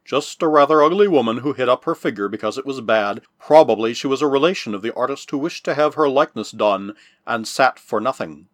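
A man voicing Baston, a gruff and blunt Englishman, in a dismissive way in an audiobook. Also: medium pitch, brisk, no room sound, clean studio sound, close to an everyday voice.

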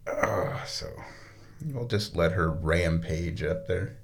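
A man in a bathtub, rambling casually and slipping into high baby-talk to his cat. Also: takes it slowly, vocal fry, slight background noise. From United States. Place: bathroom, sitting in a bathtub.

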